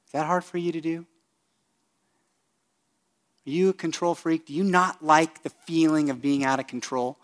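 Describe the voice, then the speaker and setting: A man whose voice is a little high gives a sermon as pastor, addressing direct questions to the congregation while alternating between soft, slow passages and loud, emphatic ones.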